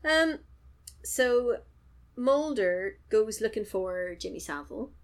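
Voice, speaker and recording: A woman's voice: a little high, expressive, takes it slowly. A woman co-hosting a podcast, casually recapping a TV episode, laughing often and acting out the characters' lines. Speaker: podcast co-host.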